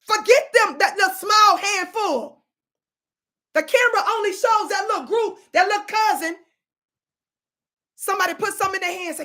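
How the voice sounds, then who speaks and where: A woman's voice: very high-pitched, moderate pace, long pauses, bright, forceful tone. A woman giving sassy, scolding commentary on video clips, full of dramatic asides. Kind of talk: animated commentary chat.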